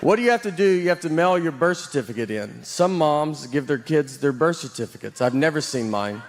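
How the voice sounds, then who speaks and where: Male comic, dry rambling delivery, higher pitch, faint background hiss. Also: brisk. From Nashville, Tennessee. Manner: deadpan, rambling with many fillers. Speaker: stand-up comedian. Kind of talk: stand-up set.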